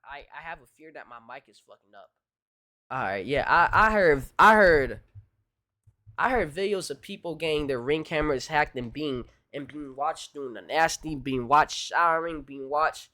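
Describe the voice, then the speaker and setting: A man reacting to a video as a streamer, talking excitably in slang and repeating his phrases. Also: a little high, moderate pace. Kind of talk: casual reaction commentary. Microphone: streaming mic.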